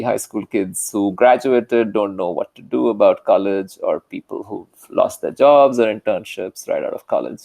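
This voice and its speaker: Gravelly-voiced male interviewer. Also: lowish voice, animated, unhurried, hardly any pauses, warm tone. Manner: friendly, laughing, short affirmations. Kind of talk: casual interview chat.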